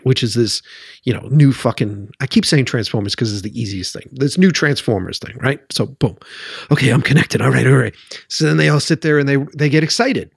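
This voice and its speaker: A man's voice: mid-range voice, husky, no echo, clean studio sound. A man hosting a solo podcast, ranting in a sarcastic, profane way and keeps checking in with "right?". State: worked up. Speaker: podcast host.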